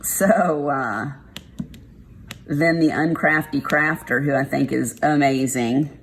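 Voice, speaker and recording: Low, slow-talking Texan woman, casual and blunt craft vlogger. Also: a little hiss or hum. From Texas. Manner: rambling, frank, uses y'all and mild swearing. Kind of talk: casual chat while diamond painting.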